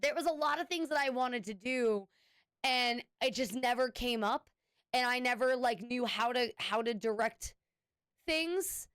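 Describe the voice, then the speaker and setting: A woman streaming from home, chatting loosely with her viewers and thanking subscribers. Her voice is smooth and clear and sits a little high. The sound is close and dry. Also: measured pace, fairly bright tone, no room sound. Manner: rambling, with frequent restarts and "anyway". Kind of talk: casual chat with stream viewers.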